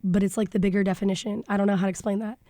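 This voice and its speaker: A woman's voice: mid-range voice, flat delivery, racing, dark tone, dry recording, studio quality. A young woman, talking frankly and a bit snarkily on a podcast, thinking aloud with fillers. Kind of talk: casual podcast discussion. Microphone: studio microphone.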